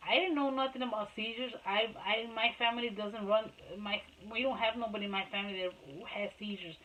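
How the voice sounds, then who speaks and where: A woman's voice: fairly high pitch, steady tone, brisk, a bit bright, a little hiss or hum, low-quality recording. Rambling woman telling her story. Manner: rambling, lots of "like" and restarts; switches between Spanish and English. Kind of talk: casual personal storytelling.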